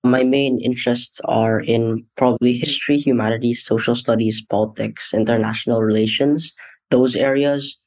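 In a medium-pitched, darkish voice with fairly even intonation, a teenage boy hosts a student podcast at normal speed. He interviews casually, phrasing things loosely and leaning on "like" fillers, recorded in dull lo-fi.

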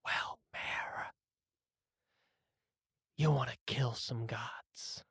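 Raspy sinister giant golem. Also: male voice, mid-range voice, fairly even intonation, very slow, a bit bright, no echo, studio quality, voice pushed down, exaggerated voice. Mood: menacing. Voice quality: raspy whisper. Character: sinister ambitious golem, male, huge. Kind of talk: whispered role-play.

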